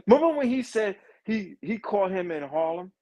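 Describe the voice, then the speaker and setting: A man, chatting casually as co-host in an animated, profane, mocking way. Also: sits high, normal speed, low-quality recording. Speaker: co-host reacting to trial footage. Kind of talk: casual chat.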